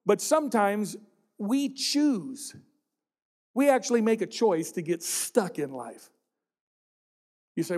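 A man's voice: high voice, very animated, slow, long pauses, a little mellow. A man preaching a sermon to his congregation, speaking conversationally and often asking them questions. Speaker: pastor.

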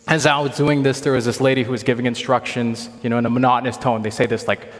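A young man from Hong Kong preaching a sermon, earnest, asking rhetorical questions and moving between loud emphasis and quiet intensity. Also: mid-range voice, little pitch movement, quick pace. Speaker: pastor. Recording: long hall reverb.

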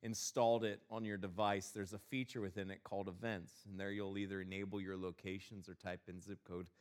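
A male pastor telling a funny personal story, then preaching a sermon with a lively, exasperated manner. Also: low voice, fairly quick.

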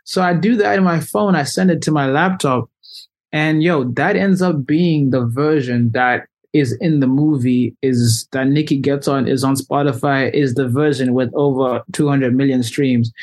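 A man's voice: medium pitch, a little slow. Chatty young man telling a story. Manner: animated, loose, heavy use of "like". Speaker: musician guest. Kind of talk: casual storytelling interview.

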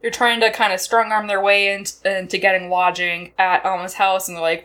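Woman, podcast co-host, casual chat, chatty, laughs often, mid-pitched voice. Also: flat delivery, a little fast, fairly bright tone. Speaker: podcast co-host recapping a film.

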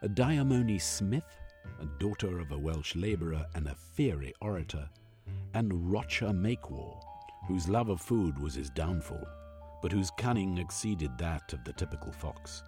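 A man narrating an audiobook story in an expressive, varied way. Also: deep voice, a little slow, soft background music.

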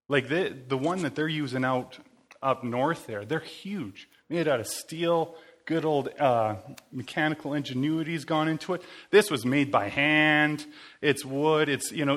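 A man's voice: medium pitch, fairly bright tone. A man giving a loose, conversational sermon, rambling and informal with lots of fillers. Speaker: preacher.

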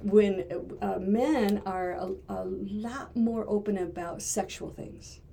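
Older woman, halting and thoughtful. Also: mid-range voice, gravelly, mellow, slight background noise. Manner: thoughtful, halting, often repeats words as she searches for them. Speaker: retired therapist, podcast guest. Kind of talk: casual interview conversation.

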